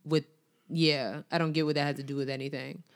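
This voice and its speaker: A woman co-hosting a casual music chat, animated and slangy, often repeating herself. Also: low voice, fairly quick. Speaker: podcast co-host.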